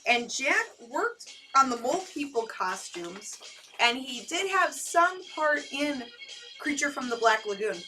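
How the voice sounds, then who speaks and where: High, bright Ohio woman sharing movie trivia. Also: big pitch swings, unhurried, faint music behind, rough recording. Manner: chatty, giggly, reads out movie trivia. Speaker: horror movie show co-host. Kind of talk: casual live-stream chat.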